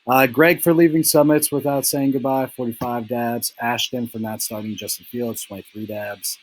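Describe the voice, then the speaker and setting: His mid-range voice stays fairly even in intonation and moves at a moderate pace as he hosts a casual fantasy football recap. The young man rambles and teases his buddies, dropping "like" and "um" constantly, on a rough recording.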